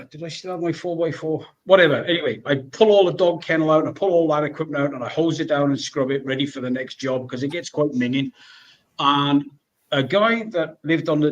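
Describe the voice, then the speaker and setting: British bloke, slightly high voice, swears freely and acts out his anecdotes on a video-call chat. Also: highs cut off. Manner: animated storyteller, swears, acts out the people he quotes. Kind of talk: casual chat.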